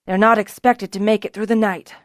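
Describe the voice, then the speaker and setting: A woman narrator voicing a calm, authoritative male dragonrider leader in a fantasy audiobook, firm and steady. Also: mid-range voice, brisk, no echo, clean studio sound, natural voice.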